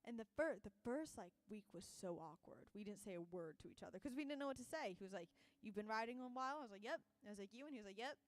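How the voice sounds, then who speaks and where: A woman's voice: medium pitch, racing, few pauses, dry recording. A young woman, a singer-songwriter, telling a self-mocking story between songs and laughing as she goes. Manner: animated, self-mocking anecdote told with laughs.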